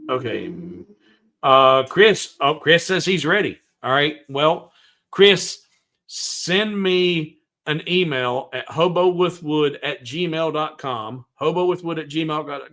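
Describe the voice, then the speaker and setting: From his home workshop, a man runs a casual woodworking livestream tutorial in a folksy, unhurried ramble. His voice is fairly bright and a touch higher than most men's, and he hums tunes while working, reading viewer comments aloud and then answering.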